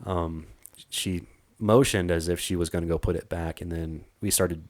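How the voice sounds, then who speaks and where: A man from Arizona, a treasure hunter guest, telling a story in a casual, animated way and acting out what people said. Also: deep voice, moderate pace, no room sound, clean studio sound. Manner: animated, acts out quoted dialogue, frequent fillers.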